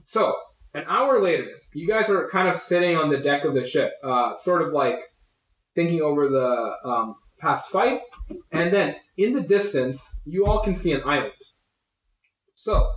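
A young man running a tabletop game as game master, narrating in a halting way full of fillers and laughing often. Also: a little high. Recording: echoey room.

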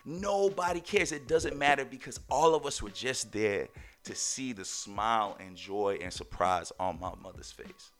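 A young man hosting a podcast, telling a family story in casual slang, full of "like" and "right?". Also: on the low side. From Texas. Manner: animated, talks in loose slang with lots of "like" and "right?". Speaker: podcast host.

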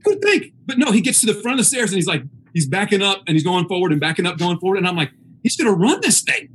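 A man's voice: high-pitched, fast, a little hiss or hum. A man telling a funny story in a casual chat, acting out the voices of others and laughing as he goes. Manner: animated, acts out the voices of others.

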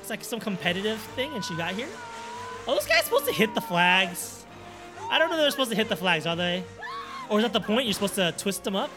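A man casually commenting over a film he is watching, animated and chatty, laughing often and talking back at the screen. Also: sits high, fast talker, music in the background. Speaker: reaction video host.

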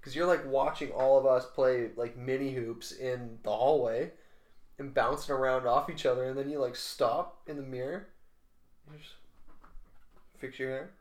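A young man co-hosting a podcast, chatting casually and telling animated stories full of swearing. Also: mid-range voice, moderate pace. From Canada. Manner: animated storyteller, swears a lot, laughs often. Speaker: podcast co-host. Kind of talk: casual chat. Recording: roomy echo.

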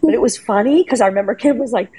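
A middle-aged woman talks quickly in a husky voice. She rambles through casual family stories and fills them with "like" and quoted back-and-forth. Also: a little high, warm tone, low-quality recording. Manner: rambling, full of "like" and quoted dialogue. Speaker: guest. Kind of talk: casual storytelling chat.

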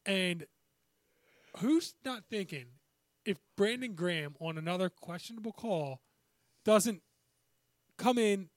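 High, animated man. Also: takes it slowly, pauses often, no room sound, clean studio sound. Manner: animated, emphatic. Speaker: podcast co-host. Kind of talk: casual sports chat.

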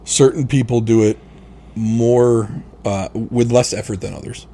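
A man's voice: medium pitch, fairly even intonation, a little slow, mellow, slight background noise. A man co-hosting a casual podcast chat, explaining things in an opinionated way with frequent fillers and restarts. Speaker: podcast co-host.

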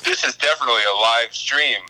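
A man's voice: medium pitch, quick pace, bright, forceful tone, low-quality recording. A man co-hosting a podcast in casual chat, cracking jokes. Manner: joking, wisecracking. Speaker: podcast co-host.

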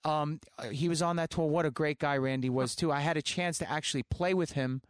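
A man's voice: a little high, steady tone, fairly quick, clean tone, dry recording, clean studio sound. A man in his thirties, a musician guest telling tour stories in a casual, chatty way, laughing often. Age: 30s. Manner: chatty, laughs often, restarts mid-sentence. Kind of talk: casual storytelling.

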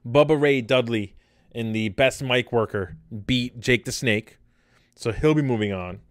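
Easygoing podcast host, dry close sound. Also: male voice, medium pitch, measured pace, dry recording. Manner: easygoing, wrapping up the show. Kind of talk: casual chat.

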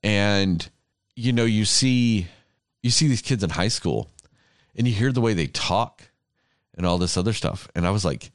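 A man's voice: low voice, expressive, a little slow, long pauses, no room sound, clean studio sound. A man, rambling and swearing casually as a podcast host. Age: 30s. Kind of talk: casual chat.

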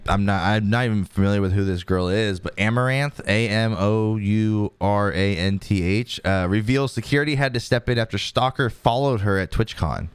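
A man with a low, smooth voice hosts a podcast, reading news articles aloud in a casual way. He often stops, says "um" and repeats himself. The sound is dry and close, with no room echo. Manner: reads aloud with frequent fillers and restarts. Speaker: podcast host.

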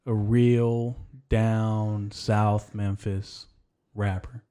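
Low mellow-voiced man, casual podcast host. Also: flat delivery, drawn-out words, smooth. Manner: rambling and heavily profane. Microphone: headphones and studio mic.

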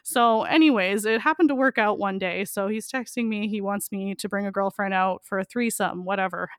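A woman's voice: medium pitch, brisk, clear, resonant tone, dry recording, studio quality. A young woman telling a frank story as a podcast guest, laughing often and saying "like" a lot. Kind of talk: casual storytelling.

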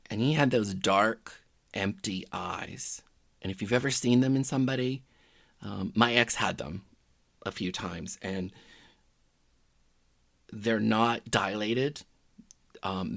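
Low gravelly man, quiet and reflective. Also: dry recording, studio quality. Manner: halting, reflective, often trailing off quietly. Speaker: podcaster telling his own story. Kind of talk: personal storytelling monologue.

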